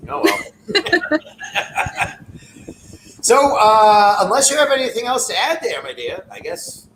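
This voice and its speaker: A man's voice: extremely high pitch, sing-song, takes it slowly, fairly bright tone. A man co-hosting a casual horror podcast, talking loosely and rambling, with frequent swearing. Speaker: podcast co-host. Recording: echoey room with background noise.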